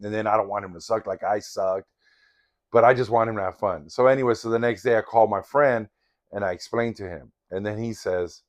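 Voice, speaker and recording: Low-voiced older man telling a story. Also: fairly quick. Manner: rambling, repetitive, candid and reflective. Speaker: vlogger in sobriety recovery. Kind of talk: casual personal storytelling.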